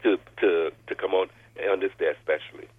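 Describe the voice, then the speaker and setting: A man calling in to a radio talk show, speaking slowly and deliberately. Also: sits low, fairly even intonation, dry recording. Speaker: caller. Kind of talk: call-in radio commentary. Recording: husky tinny phone line.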